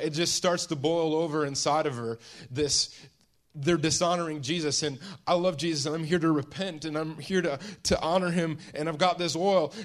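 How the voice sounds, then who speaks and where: A man preaching a sermon, retelling a scene with hushed and emphatic turns and many restarts. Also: mid-range voice. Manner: storytelling, dramatizing a scene with voiced quotes; pauses and restarts, shifts between hushed and emphatic.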